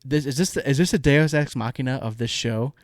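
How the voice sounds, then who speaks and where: A man co-hosting a podcast in a relaxed, chatty way, with a voice of ordinary pitch. He retells a story with lively quoted asides. The sound is dry and close, with no room around it. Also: brisk, dry recording. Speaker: podcast co-host. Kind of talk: casual chat.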